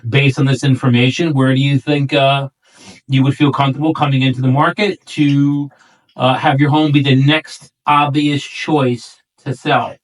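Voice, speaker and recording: A man's voice: level tone, moderate pace. Easygoing new york guy coaching, sounds a bit far from the mic. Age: middle-aged. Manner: easygoing, acts out client lines in a higher voice. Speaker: real estate coach. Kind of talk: casual role-play coaching chat.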